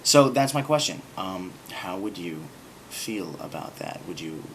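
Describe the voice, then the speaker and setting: A man's voice: low voice, animated, a little slow, background noise. A man talking casually to camera in a rambling, sarcastic monologue with lots of filler words. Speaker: video blogger.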